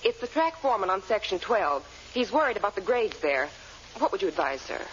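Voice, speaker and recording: An actress playing a prim, dutiful secretary in 1940s radio comedy style. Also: female voice, mid-range voice, very animated, brisk, close to an everyday voice. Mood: proper. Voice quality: polite, proper delivery. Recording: muffled old radio recording with hiss.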